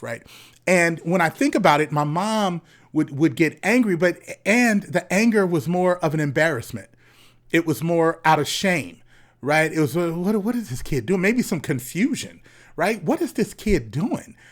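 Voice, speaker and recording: A man, a therapist, talking casually and directly to his viewers, often repeating words and asking "right?". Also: fairly high pitch. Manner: conversational, repeats words, frequent tag questions. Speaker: therapist and host. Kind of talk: casual talk to camera.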